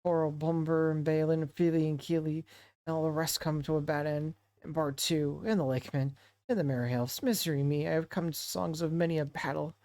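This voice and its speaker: A man's voice: a little high, steady tone, fairly quick, dark tone, dry recording, voice pushed up, lightly acted. A man voicing an anxious, gloomy hobbit who frets and laments as he reads a novel aloud. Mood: fretful lament. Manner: fretful, lamenting. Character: anxious, gloomy hobbit, small male adult.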